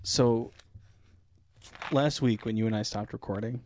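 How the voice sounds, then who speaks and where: A man's voice: mid-range voice, steady tone, unhurried, darkish tone, slight background noise. A man co-hosting a podcast, telling stories in casual chat with lots of laughter and swearing. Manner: laughing, swearing, slangy storyteller. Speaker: podcast co-host.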